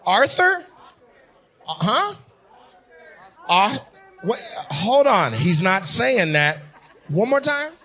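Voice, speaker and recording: A man doing stand-up crowd work on stage, loudly teasing and mocking audience members with banter. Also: sits high, sing-song, extremely slow, pauses often, soft background music. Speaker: stand-up comedian. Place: comedy club stage. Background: audience laughter.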